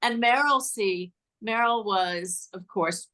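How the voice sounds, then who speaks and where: A woman's voice: medium pitch, slow pace, a bit bright. An older woman, a guest in a casual interview, telling chatty stories, laughing often and repeating words. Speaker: guest, former cue card writer.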